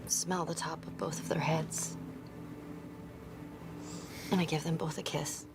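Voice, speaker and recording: A woman playing a tabletop game, role-playing a mother and speaking softly, often in a whisper. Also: low voice, flat delivery, measured pace, vocal fry, music in the background. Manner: soft, often whispering in character. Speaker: player.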